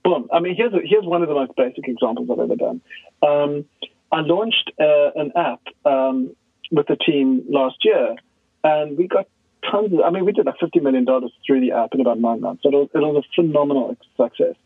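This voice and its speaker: A man as a guest expert, explaining in a casual, animated way and acting out quoted dialogue. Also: a little high, a little fast, no room sound. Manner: animated storyteller who acts out quoted dialogue. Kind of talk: conversational podcast explanation. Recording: tinny phone line, dry.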